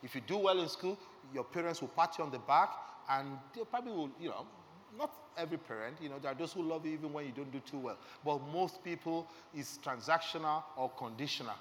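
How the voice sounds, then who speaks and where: Earnest preacher with lively swings. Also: male voice, a little high, fast talker. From Nigeria. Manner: earnest, emotional storytelling, asks the audience questions. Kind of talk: sermon testimony. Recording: reverberant hall with faint background noise.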